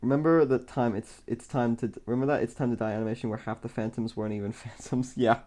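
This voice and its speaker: A man's voice: medium pitch, steady tone, quick pace, mellow. Rambling, self-mocking male streamer. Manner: rambling, self-mocking, laughs often and swears. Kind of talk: casual live-stream commentary.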